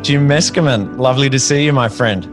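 A man's voice: medium pitch, brisk, faint music behind. Australian man hosting an interview. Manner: friendly, says "mate". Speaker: podcast host. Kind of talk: casual interview chat.

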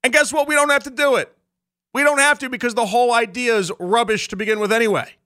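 High, bright-voiced sports radio host. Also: male voice. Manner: animated, rapid-fire, jokey rants. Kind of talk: sports talk radio monologue.

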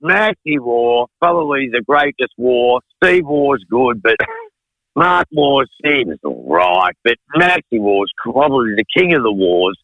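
A man's voice: mid-range voice, measured pace, dry recording, highs cut off. A man co-hosting a radio show, joking and hyping up a guest. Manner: lively, joking. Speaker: radio co-host. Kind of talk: casual radio banter.

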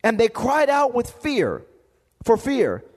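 A man's voice: very high-pitched, wildly swooping pitch, slow pace, a little mellow. A man preaching a sermon as pastor, calling for amens and repeating his words as he builds a point. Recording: long hall reverb.

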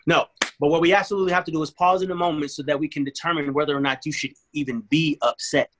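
Earnest man with a bright voice. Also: fairly high pitch, fairly even intonation, fast, a little hiss or hum. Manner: earnest, emphatic, repeats phrases, acts out both sides of arguments. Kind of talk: casual chat.

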